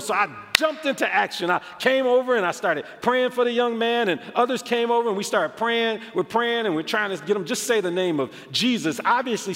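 An American pastor preaches in a church auditorium, his voice sitting a bit higher than most men's. He tells stories in a lively, conversational way and keeps dropping in "like" as he goes. The sound trails off into a long hall reverb. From United States. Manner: animated storytelling with frequent "like" asides. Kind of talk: sermon.

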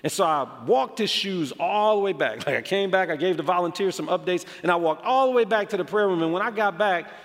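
An American man preaching a sermon, telling a story in an animated way with many casual "like" asides. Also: high voice, a little fast, hardly any pauses. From United States. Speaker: pastor. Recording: long hall reverb.

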